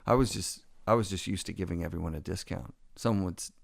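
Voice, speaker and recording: A middle-aged man hosting a podcast, telling stories with quick lively asides. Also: sits low, creaky, dry recording. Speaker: podcast host. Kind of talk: casual podcast conversation.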